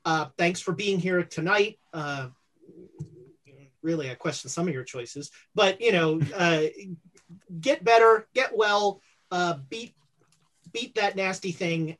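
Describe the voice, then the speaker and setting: A woman's voice: fairly low pitch, a little slow. Chatty woman hosting a tabletop stream. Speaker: game master and show host. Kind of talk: casual chat and announcements.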